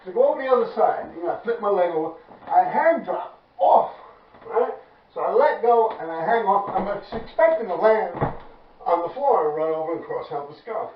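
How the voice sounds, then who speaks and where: High-voiced New York man, profane storytelling. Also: fairly quick. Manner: profane, laughing, animated street talk. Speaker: graffiti writer telling a story. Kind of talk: casual storytelling to viewers. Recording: echoey, distant, dull with faint noise.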